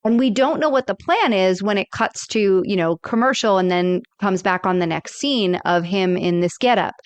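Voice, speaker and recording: Woman with a smooth, clear voice. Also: medium pitch, normal speed, dry recording. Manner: animated storytelling recap. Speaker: podcast co-host. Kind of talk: casual chat.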